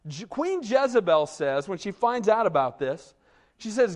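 A man's voice: high voice, measured pace, big-room sound. A man preaching a sermon as a pastor, talking conversationally and often tossing "right?" to the congregation. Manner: animated, conversational preaching with frequent "right?" asides. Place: church.

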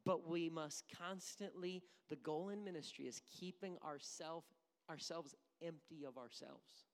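A pastor delivering a sermon, shifting between hushed near-whispers and loud, emphatic bursts. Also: medium pitch, unhurried, in a large hall.

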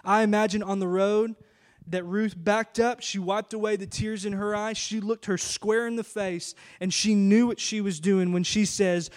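A man's voice: high-pitched, fairly even intonation, moderate pace. A man pastor preaching an emphatic sermon full of rhetorical questions.

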